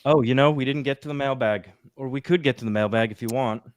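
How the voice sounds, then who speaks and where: A man's voice: mid-range voice, fast talker, dry recording. A man hosting a podcast in casual chat, rambling along with plenty of fillers. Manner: chatty, rambling with many fillers. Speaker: podcast host.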